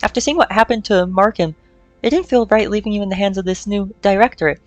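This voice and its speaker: A woman reading the lines of a steady, somber male mercenary officer aloud from a game, in a plain, level voice. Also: mid-range voice, fast, dry recording, muffled recording, soft background music, natural voice.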